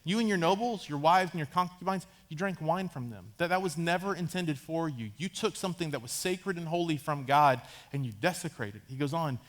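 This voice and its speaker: A man's voice: on the high side, animated, fairly quick, few pauses, a bit bright. A man in his thirties preaching a sermon as a pastor, conversational, acting out Bible characters in casual asides. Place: church sanctuary.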